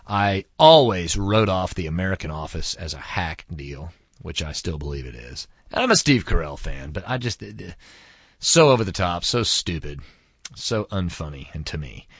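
Podcast host, man from Texas, chatty and rambling, low-pitched, dry studio sound. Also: animated, normal speed, fairly bright tone, husky, dry recording, lo-fi sound. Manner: chatty and rambling, many fillers. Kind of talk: casual podcast monologue. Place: recording studio.

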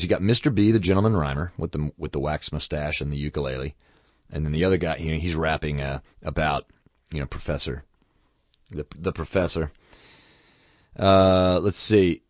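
A man's voice: low voice, no echo. A man hosting a show, chatting in a rambling, casual way with many fillers and chuckles. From United States. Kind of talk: casual monologue. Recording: dull lo-fi dry recording.

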